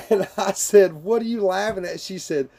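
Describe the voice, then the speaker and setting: A man's voice: sits high, normal speed, gravelly, dark tone. A man talking casually and crudely on a live stream from his bedroom, laughing often and calling people man and dude as he answers viewer chat.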